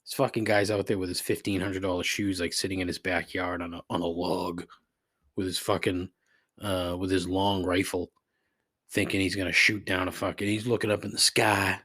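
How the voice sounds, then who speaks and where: A man's voice: low-pitched, level tone, moderate pace, a bit bright, dry recording, clean studio sound. A man hosting a solo podcast, ranting in a sarcastic, profane, exasperated way. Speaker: podcast host. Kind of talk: casual solo podcast rant.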